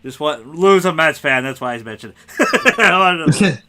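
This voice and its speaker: A man hosting a casual spoiler podcast, talking excitedly and rambling, cursing freely. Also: on the high side, moderate pace, a little hiss or hum. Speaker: podcast host.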